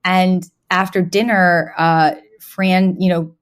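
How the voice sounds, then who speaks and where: A woman co-hosting a podcast in casual chat, animated, laughing often and acting out quoted lines. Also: fairly low pitch, takes it slowly, clean tone. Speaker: podcast co-host.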